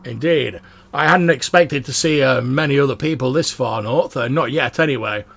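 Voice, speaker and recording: A man voicing a gruff, hearty male dwarf miner who bellows his words, in a tabletop game. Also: on the high side, animated, unhurried, fairly bright tone, pitched above the performer's own voice, exaggerated voice.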